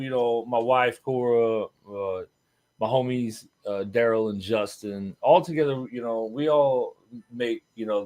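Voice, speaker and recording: A man, a guest on a show, telling stories in a casual, profane, rambling way and laughing often. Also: mid-range voice. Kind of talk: casual storytelling chat.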